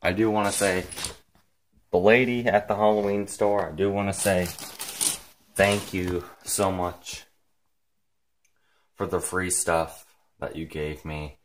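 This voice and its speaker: Slow, low-voiced man rambling excitedly. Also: a little hiss or hum. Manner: rambling, heavy use of "like" and "frickin'"; excited and emotional, close to tears. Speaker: vlogger. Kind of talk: casual vlog talk.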